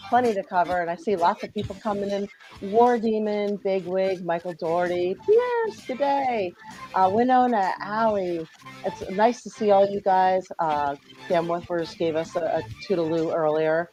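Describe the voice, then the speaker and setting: A woman's voice: mid-range voice, darkish tone, dull audio. A woman hosting a casual livestream, greeting viewers by name in a friendly way. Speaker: host.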